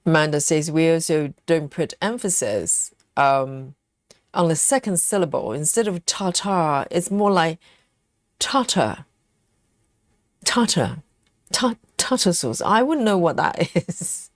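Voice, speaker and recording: A woman's voice: low voice, animated, a little slow, no echo, clean studio sound. A woman hosting a live stream, chatting casually and reading viewer comments aloud, teasing them playfully and laughing often.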